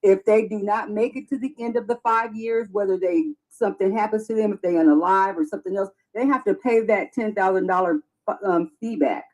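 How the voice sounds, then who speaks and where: A woman in a group livestream, talking with emphasis and often chiming in to agree. Her voice is dark and mellow. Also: mid-range voice, fairly quick, hardly any pauses, low-quality recording. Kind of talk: casual group livestream chat.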